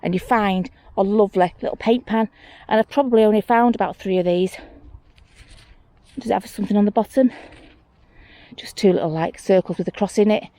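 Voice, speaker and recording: A woman chats her way across an outdoor hillside. She talks half to herself and half to the viewer, and she gets easily excited over little things she spots. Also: mid-range voice, a little fast, no echo. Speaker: mudlarking vlogger. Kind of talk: casual running commentary while searching. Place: outdoors on a hillside rubbish tip.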